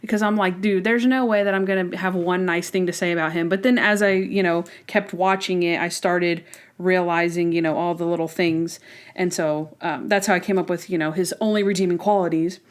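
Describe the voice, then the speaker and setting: A woman co-hosting a podcast, chatting casually and retelling scenes in an animated way. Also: lowish voice, fairly quick, clean tone. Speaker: podcast co-host. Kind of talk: casual chat.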